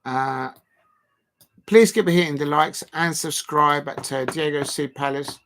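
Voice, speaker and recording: A man's voice: a little high, steady tone, unhurried, a bit bright. A man hosting a casual live stream, rambling and joking, with the odd mock moan. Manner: rambling, jokey, prone to mock moaning.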